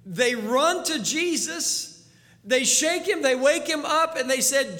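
High bright-voiced preacher in a reverberant hall. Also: male voice, unhurried. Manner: storytelling, swings from hushed to urgent. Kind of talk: sermon.

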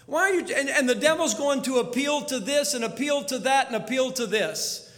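A man preaching a sermon as a storyteller, dropping to a hush and then rising to urgent pleas. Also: very high voice, moderate pace. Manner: storytelling, swings from hushed to urgent. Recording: long hall reverb.

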